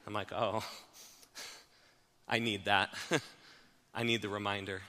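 A man preaching a sermon as pastor, swinging from hushed, slow emphasis to loud, fast, animated stretches. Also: lowish voice, long reverb tail.

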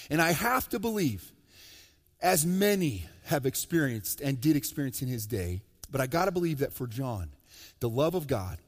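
Animated preacher in a reverberant hall. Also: male voice. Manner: animated, joking asides, swings between loud emphatic and soft low. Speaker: pastor. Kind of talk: sermon. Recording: long reverb of a large hall.

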